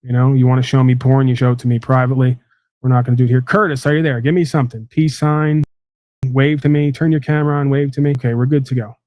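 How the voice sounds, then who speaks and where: A male livestream host who lectures at length, rambling and restarting with frequent fillers. His voice sits at an average pitch. The recording is dry and close. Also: little pitch movement, quick pace, no room sound, highs cut off.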